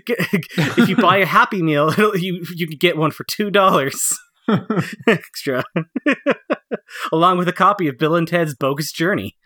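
A man's voice: high-pitched, unhurried, sharp tone, dry recording, clean studio sound. A man co-hosting a podcast, chatting casually about cartoons, laughing often and rambling with lots of fillers. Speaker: podcast co-host. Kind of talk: casual chat reviewing cartoons.

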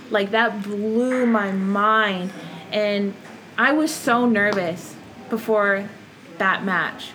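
A young woman, a wrestler guest on a podcast, telling stories in a casual, animated way with lots of "like". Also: medium pitch, a little hiss or hum, poor audio. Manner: animated, laughs often, lots of "like". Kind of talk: casual storytelling interview.

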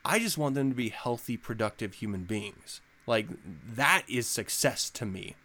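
Animated, profane male podcast host. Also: medium pitch, normal speed. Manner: profane, animated ranting with frequent laughs. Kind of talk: casual podcast chat.

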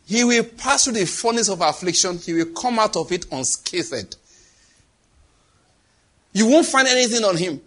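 Animated preacher, husky and high. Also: male voice, normal speed. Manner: animated, dramatic, acts out voices and sound effects. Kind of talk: sermon.

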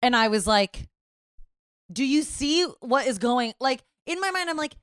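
Animated, swearing young woman storyteller. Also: high voice, a little slow, smooth, no room sound, clean studio sound. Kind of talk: casual storytelling chat.

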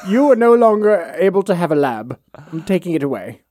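A man's voice: sits high, very animated, brisk, a little mellow, no room sound. A man voicing a stern male lab boss who mock-pompously scolds his scientists. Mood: scolding.

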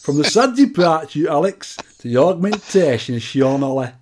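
A man's voice: fairly high pitch, big pitch swings, normal speed, background noise. A man voicing an elderly Yorkshire pensioner in his eighties, reading out a fan letter in a drawling, folksy way. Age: 80s.

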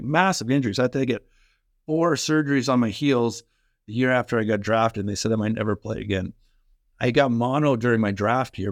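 A middle-aged man from Canada, a former pro hockey player, telling energetic, fast-flowing stories in a podcast interview. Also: fairly low pitch, no echo, studio quality. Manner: energetic, fast-flowing anecdotes with quoted dialogue. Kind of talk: animated storytelling in a podcast interview.

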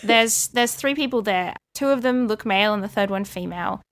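A woman narrating a tabletop role-playing game as game master, relaxed and descriptive. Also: mid-range voice, a little fast.

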